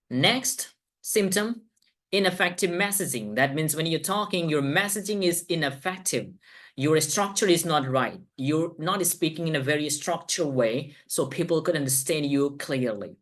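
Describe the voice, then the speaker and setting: A man's voice: fairly high pitch, fairly bright tone. Emphatic male English coach. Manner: emphatic, teacherly, stretches key words for effect. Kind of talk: online masterclass teaching.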